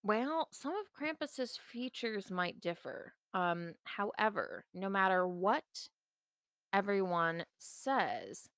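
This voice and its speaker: A woman's voice: mid-range voice, very animated, fairly bright tone, no echo. A woman co-hosting a podcast, telling a folk tale in a casual, teasing and giggly way. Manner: giggly, teasing, slow-spoken. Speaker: podcast co-host. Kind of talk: casual storytelling chat.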